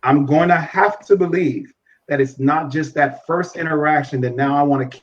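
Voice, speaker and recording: A man's voice: on the high side, moderate pace, highs cut off. A man speaking earnestly as a podcast guest, repeating phrases for emphasis and acting out conversations.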